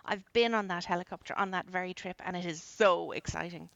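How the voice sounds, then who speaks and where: A woman's voice: on the low side, brisk, vocal fry, fairly bright tone, no room sound, dull audio. A middle-aged woman, co-hosting a casual podcast chat and reading out listener emails, chatty and playfully teasing.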